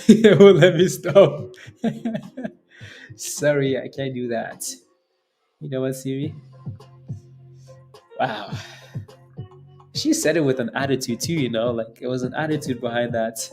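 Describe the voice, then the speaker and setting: A man's voice: mid-range voice, lively intonation, takes it slowly, long pauses, a little mellow, faint music behind. A man hosting a day-trading livestream in casual chat, joking, laughing often and bantering with viewers and his phone assistant. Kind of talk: casual live-stream chat.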